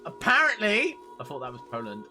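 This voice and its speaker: A young man streaming a video game, chatting casually and excitably, swearing freely. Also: fairly high pitch, brisk, faint music behind. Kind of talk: casual gameplay commentary.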